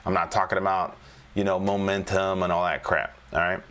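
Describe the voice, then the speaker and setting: A man's voice: low voice, little pitch movement, brisk, a bit bright. A man hosting a casual trading livestream as a coach, talking loosely and repeating himself while coaxing viewers to answer in the chat. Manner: loose and repetitive, coaxing the chat with "all right?". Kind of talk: casual live-stream market commentary.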